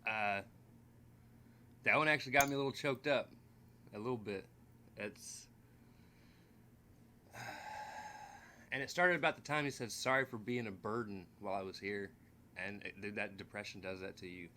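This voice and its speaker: Male reaction host, low-ish bright voice, loose and candid. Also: moderate pace, pauses often, slight background noise. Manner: candid, loose and swears casually. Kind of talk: casual reaction commentary.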